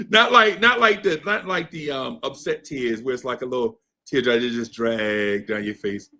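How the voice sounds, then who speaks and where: A man's voice: mid-range voice, moderate pace, pushed and bright. A man in his fifties telling a story in a laid-back podcast chat, laughing often and asking "right?" after his points. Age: 50s. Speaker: podcast co-host. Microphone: streamed podcast mic.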